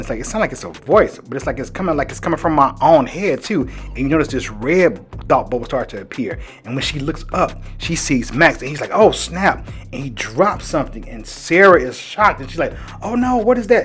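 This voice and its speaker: A man's voice: mid-range voice, fairly bright tone. A man hosting a casual comic book recap in a loose, chatty way, leaning on "like" throughout. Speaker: host.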